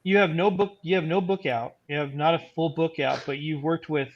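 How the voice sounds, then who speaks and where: Comic writer, male, slightly higher voice, halting and laid-back, dull lo-fi sound. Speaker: comic book writer, co-host. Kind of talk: casual chat.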